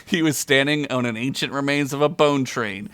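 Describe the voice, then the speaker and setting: Male storyteller, average pitch, dry close sound, reads comic fantasy and laughs along. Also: moderate pace, clear, resonant tone, dry recording. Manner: reads aloud with frequent chuckles, loud high character voices. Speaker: podcast storyteller. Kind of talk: comedic fantasy story reading.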